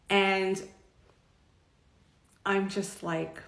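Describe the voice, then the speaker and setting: A woman's voice: fairly low pitch, lively intonation, normal speed, fairly bright tone. A middle-aged woman telling a personal story to camera in a frank, emotional, rambling way. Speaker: vlogger. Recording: echoey room.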